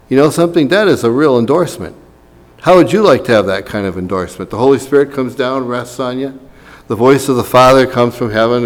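A man's voice: mid-range voice, brisk, in a large hall. A man preaching a sermon in a conversational way, with asides to the congregation. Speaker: pastor.

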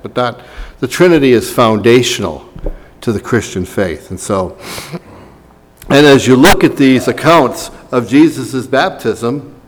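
A man's voice: mid-range voice, in a large hall. A man preaching a sermon in a conversational way, with asides to the congregation. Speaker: pastor.

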